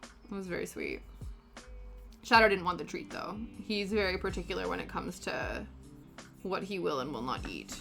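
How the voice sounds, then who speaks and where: A woman's voice: lowish voice, normal speed, vocal fry, long pauses, over music. A woman in her thirties chatting casually while painting her nails, rambling with lots of fillers. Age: 30s. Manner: rambling, filler-heavy storytelling. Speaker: nail-painting vlogger.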